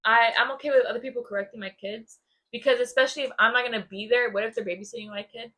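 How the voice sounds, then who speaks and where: A young woman co-hosting a podcast, chatting casually and telling family stories with quick asides. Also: a little high, steady tone, bright, forceful tone. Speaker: podcast co-host. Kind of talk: casual chat.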